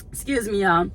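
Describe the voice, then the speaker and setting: A woman and church volunteer telling a casual story to her viewers in a chatty, animated way. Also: mid-range voice, slightly rough.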